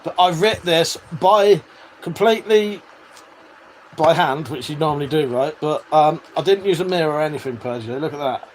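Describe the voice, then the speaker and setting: A chatty British man hosting a casual livestream, his voice sitting a touch higher than most men's. He swears freely and laughs often, with a faint fan hum behind him. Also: moderate pace. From United Kingdom. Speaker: livestream host. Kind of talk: casual livestream chat reading viewer comments.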